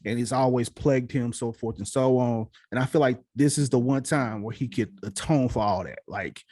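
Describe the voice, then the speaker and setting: A man's voice: mid-range voice, normal speed, a little mellow, no echo, clean studio sound. A man co-hosting a casual podcast chat, talking things through in a reflective, conversational way. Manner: reflective, conversational, repeats "so forth and so on". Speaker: podcast co-host.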